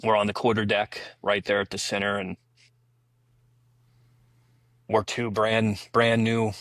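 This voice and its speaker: A man's voice: fairly low pitch, level tone, moderate pace, fairly bright tone, no room sound. A man, a former Navy SEAL, talking casually as a podcast guest, telling long anecdotes with frequent restarts. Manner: rambling anecdotal storytelling with many restarts. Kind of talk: casual storytelling interview.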